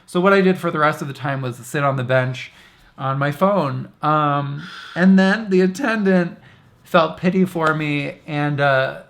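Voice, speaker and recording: A man's voice: a little high, unhurried, a bit bright. A man co-hosting a casual chat, telling stories in an easygoing way. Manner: easygoing storytelling with fillers and quoted asides. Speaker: co-host.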